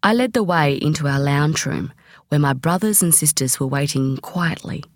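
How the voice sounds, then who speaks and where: A woman reads a memoir aloud as an audiobook, measured and expressive. Her voice is low and deep for a woman. The recording is close and dry, with no room sound. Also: no echo, soft background music. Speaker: audiobook reader. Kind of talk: audiobook narration.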